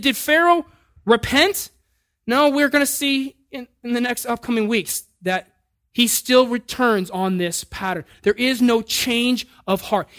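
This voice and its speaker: Man preaching with animated emphasis. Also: high-pitched. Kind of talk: sermon.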